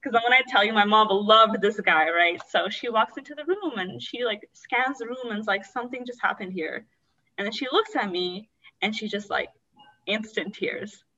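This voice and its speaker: A woman's voice: medium pitch, normal speed, bright, forceful tone, distant mic, muffled recording. A woman candidly recounting a painful personal story in a rambling, emotional way. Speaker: guest sharing her story.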